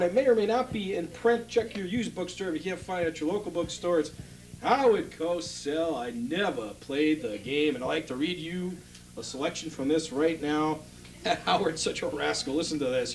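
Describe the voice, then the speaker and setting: A man's voice: fairly high pitch, brisk, a little mellow, far from the mic, slight background noise. A man hosting a book segment in a comedy sketch, eager and showy as he reads aloud. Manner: eager, showy, exasperated with partner. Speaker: segment host.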